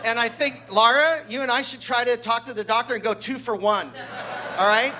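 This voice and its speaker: Bright-voiced man in his sixties doing stand-up. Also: very high voice, fairly quick. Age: 60s. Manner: self-deprecating, jokes aimed at friends in the audience. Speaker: amateur stand-up comic at his birthday party. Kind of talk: stand-up comedy set. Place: party venue with a live audience.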